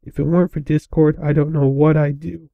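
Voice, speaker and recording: Man voicing a frail, soft-spoken old pony mare, raised pitch, dull dry sound. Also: little pitch movement, brisk, creaky, no room sound. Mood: warm. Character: old, gentle, timid female pegasus pony.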